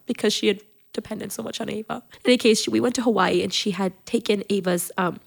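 A woman guest on a podcast, telling a personal family story in an emotional, animated way, with many fillers. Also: medium pitch, fairly quick, gravelly, breathy edge.

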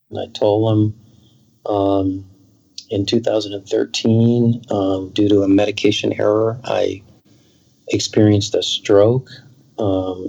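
A man speaking as a guest in an interview, his voice gravelly and husky. He tells his stories earnestly and acts out the lines other people said. The sound is dull and slightly lo-fi. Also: lowish voice, warm tone. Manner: earnest, storytelling with quoted dialogue. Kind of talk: conversational interview.

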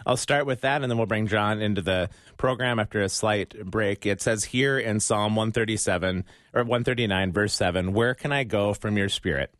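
A man's voice: on the low side, moderate pace, few pauses, a bit bright, dry recording, clean studio sound. An American man hosting a radio talk show, reading scripture aloud and introducing a guest. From United States. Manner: reads scripture aloud, chuckles between remarks.

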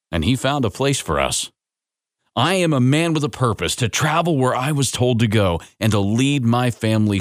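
A man voicing a watchful, protective young father, speaking firmly and deliberately in a storybook reading. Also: medium pitch, no room sound, studio quality, lightly acted. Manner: firm, deliberate, slow.

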